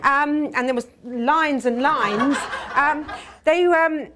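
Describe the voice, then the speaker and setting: Chatty high-voiced woman storyteller. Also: slow pace, noisy background. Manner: chatty, self-mocking, laughs through her lines. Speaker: author telling stories to tearoom customers. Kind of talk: humorous personal storytelling. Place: tearoom with a live audience.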